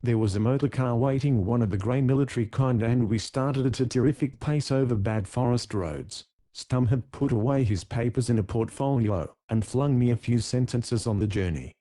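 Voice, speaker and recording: A man narrating an audiobook in scripted style. His voice is mellow and relaxed. He keeps an even, measured pace through the story. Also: medium pitch.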